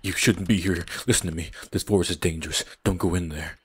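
A man's voice: sits low, fairly even intonation, fast, slightly rough, pitched below the performer's own voice. A man doing a stern warning old man. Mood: urgent.

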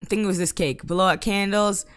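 A woman giving casual Let's Play commentary, exasperated and bursting into loud outbursts at the game. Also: medium pitch, fairly even intonation, fairly quick. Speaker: gaming YouTuber.

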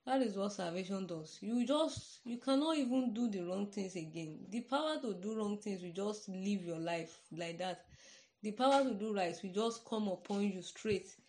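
A woman's voice: medium pitch, normal speed, a little mellow, a little hiss or hum. A Nigerian-accented woman preaching in an informal podcast sermon, earnest and conversational, often checking "you understand?".

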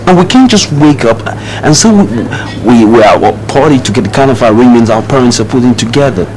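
A man's voice: mid-range voice, expressive, fast talker, darkish tone, natural voice. Guy doing a cocky young dude talking down to his girl, voice swings up and down a lot, noisy film track. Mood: dismissive. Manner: lecturing, condescending. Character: young man dismissing his fiancée, cold and arrogant. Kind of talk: film drama acting.

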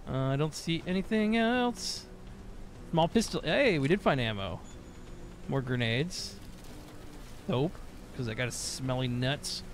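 A man's voice: fairly high pitch, expressive, a little slow, long pauses, slight background noise. A man streaming gameplay, talking loosely and profanely with jokes. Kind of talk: casual live gameplay commentary.

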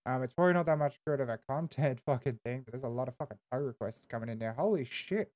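A man's voice: medium pitch, fast, a little mellow. An Australian man streaming casual in-character game roleplay, laid-back and swearing constantly, tagging "eh" onto his lines.

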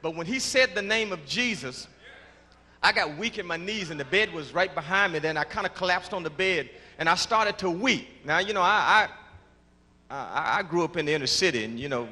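A man's voice: high voice, lively intonation, fairly quick. Emphatic man testifying in church. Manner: emphatic, repeats words, breaks into shouts of praise. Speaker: guest speaker giving his testimony. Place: large church before a congregation. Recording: reverberant church hall with congregation.

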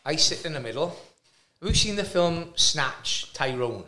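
In casual chat, a man with a fairly high voice and measured pace tells a funny travel story, animatedly doing impressions of the other people involved. There's a roomy echo on the recording.

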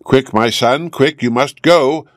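A man's voice: mid-range voice, animated, a little slow, dry recording, studio quality, lightly acted. A man voicing a kindly old woman helper in a fairy tale, motherly and urging. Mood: urgent.

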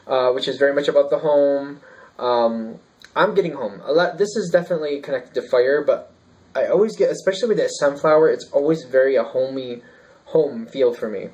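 A man with a somewhat high voice talks through a tarot reading in an easy, casual way. He rambles as he thinks aloud, with plenty of ums and restarts. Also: a little mellow, rough recording. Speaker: tarot reader.

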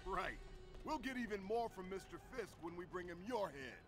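A man's voice: high voice, big pitch swings, normal speed, music in the background. An actor playing a cocky, menacing male street thug who sneers, in a video game.

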